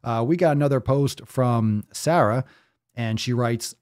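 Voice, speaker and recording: A man's voice: medium pitch, unhurried, a little mellow, dry recording, clean studio sound. A man hosting a fitness live stream, reading viewer posts aloud and reacting with blunt, profane emphasis, repeating his points to drive them home. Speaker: fitness podcast host.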